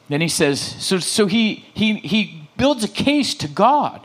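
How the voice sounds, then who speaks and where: A man preaching in church, his voice sitting a bit higher than most men's. He tells stories and acts out the dialogue, checking in with the congregation as he goes. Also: moderate pace, hardly any pauses. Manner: animated storytelling, acting out dialogue. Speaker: pastor. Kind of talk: sermon.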